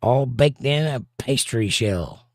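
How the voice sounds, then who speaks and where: A man's voice: mid-range voice, animated, slow pace, dry recording. A man with a Southern US accent hosting a casual livestream, reading viewer comments aloud with dry, sarcastic humor. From southern United States. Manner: dry, sarcastic, drawling asides. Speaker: livestream host reading chat. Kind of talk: casual chat.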